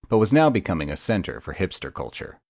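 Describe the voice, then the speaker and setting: Male audiobook narrator, very low voice, dry sardonic delivery, close dry studio sound. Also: very animated, fast, dry recording. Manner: wry and sardonic. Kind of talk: first-person audiobook narration.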